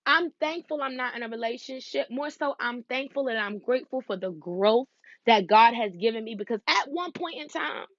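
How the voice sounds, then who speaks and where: Lively young woman podcast host, chatty. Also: on the high side, normal speed, dry recording, highs cut off. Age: 20s. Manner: animated storytelling with slang and asides to listeners. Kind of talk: casual solo podcast chat.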